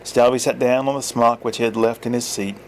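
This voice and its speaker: A man's voice: a little fast, slight background noise. Man reading his own fiction aloud. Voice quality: lively, voices many characters in raised pitch. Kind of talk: reading fiction aloud, first-person narration.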